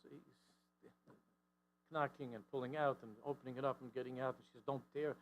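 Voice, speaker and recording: On a rough recording with a little hiss or hum, a man talks quickly through a storytelling sermon. He's a rabbi and an animated storyteller, voicing characters with rising pitch and force, often restarting and repeating words.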